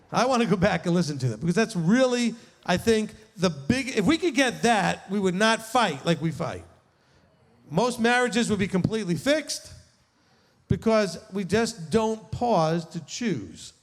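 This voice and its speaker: A man teaching a midrash as rabbi, in an animated, joking and emphatic way, in a large tent. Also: high voice, measured pace, in a large hall. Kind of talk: lively teaching talk. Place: large tent with a live group.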